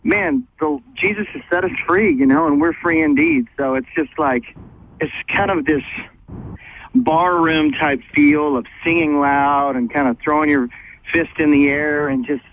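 Upbeat, excitable male musician calling in from backstage; lively, slightly high voice on a lo-fi line. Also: measured pace. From United States. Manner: upbeat, excitable, laughs easily. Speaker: guest musician. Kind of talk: casual phone interview. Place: backstage at a concert venue. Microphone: phone call. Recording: dull phone-line sound with faint noise.

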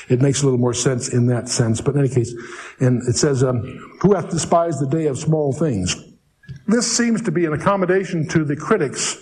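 A man teaching through a book of scripture verse by verse, reading the old text slowly and breaking in with wry, chatty asides. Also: medium pitch, a little mellow, slight background noise, poor audio. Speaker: Bible teacher.

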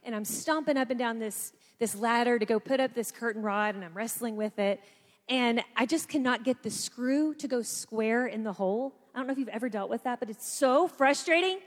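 Woman, animated storyteller, fairly high voice, long hall reverb. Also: a little fast. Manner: animated storyteller, acts out quotes. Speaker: speaker. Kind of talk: storytelling talk to an audience.

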